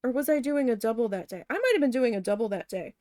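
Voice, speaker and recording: A woman's voice: fairly high pitch, expressive, fast, warm tone, no room sound, clean studio sound. A woman chatting casually while she paints, telling a long, candid, profane story with rambling self-corrections. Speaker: art vlogger recalling a retail cashier job.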